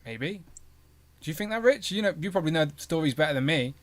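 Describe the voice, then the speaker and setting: A man's voice: fairly high pitch, lively intonation, quick pace. A man hosting a live stream in a casual, rambling way and reading out viewer messages. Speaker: host of a live toy stream. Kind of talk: casual chat.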